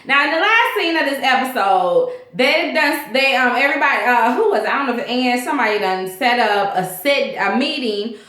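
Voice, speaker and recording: A woman's voice: sits high, expressive, normal speed, few pauses, fairly bright tone, reverberant. A woman vlogger giving a casual, sassy and candid recap of a reality show episode, talking straight to her viewers.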